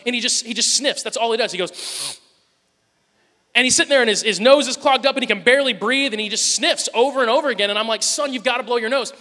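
Man, 30s, pastor, high voice, conversational humorous sermon, long church reverb. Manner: warm-humored, conversational, chuckling storyteller. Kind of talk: casual sermon with personal stories. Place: large church hall before a congregation. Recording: long echo of a church hall.

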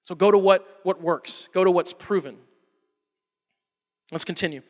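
A man's voice: high-pitched, a little slow, long reverb tail. A pastor, a man around his thirties, preaching a sermon with emphatic repetition and frequent restarts.

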